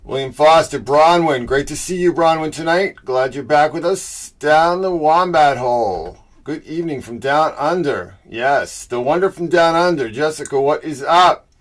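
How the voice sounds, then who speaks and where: Upbeat livestream host with a Boston accent. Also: male voice, fairly high pitch, normal speed, few pauses. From Boston area. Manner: greets chat viewers by name, upbeat. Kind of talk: casual livestream chat.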